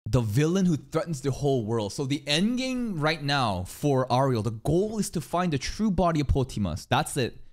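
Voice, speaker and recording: A man reacting to an anime episode in casual, excitable commentary, thinking out loud and swearing often. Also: fairly high pitch, moderate pace, few pauses.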